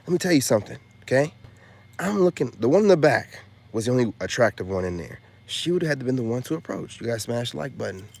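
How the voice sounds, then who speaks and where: A man vlogs a casual story, rambling and slangy, swinging between loud boasts and hushed asides and leaning on filler phrases. His mid-range voice has vocal fry and a breathy edge.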